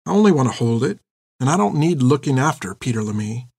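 A man's voice: medium pitch, sing-song, quick pace, darkish tone, slightly rough, no room sound, studio quality. A man voicing a spirited, headstrong young woman in an audiobook. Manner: playful, defiant.

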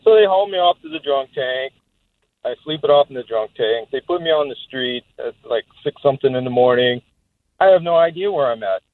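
A man's voice: mid-range voice, lively intonation, fairly quick, no echo. A man calling in to a radio show, telling a story about his own night out in a plain, matter-of-fact way. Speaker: radio caller. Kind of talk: casual storytelling. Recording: tinny phone line.

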